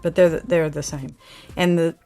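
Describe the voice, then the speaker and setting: A woman's voice: low voice, level tone, moderate pace, dark tone, soft background music. Rambling Oklahoma woman chatting on camera. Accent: Oklahoma twang. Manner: rambling and chatty, answers viewer comments. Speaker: channel host reviewing camera gear. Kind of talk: casual live chat.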